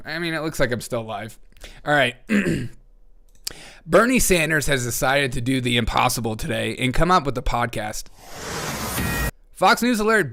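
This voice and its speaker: A man's voice: medium pitch, gravelly, pushed and bright. A man hosting a comedy news live stream, talking sarcastically and laughing often. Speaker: host.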